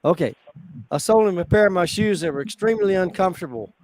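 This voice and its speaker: A man, a musician guest on a video call, telling stories in a relaxed way and chuckling at his own tales. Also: sits high, fast talker.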